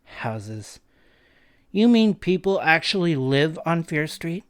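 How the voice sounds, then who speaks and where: A man's voice: on the high side, sing-song, slow, voice pushed up. A man voicing a brash, mocking teenage boy who likes pranks.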